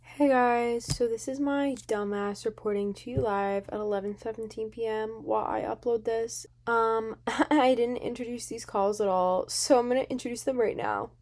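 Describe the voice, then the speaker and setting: A woman's voice: on the high side, a little fast, few pauses, darkish tone. A woman recording a casual late-night aside, goofy and self-mocking.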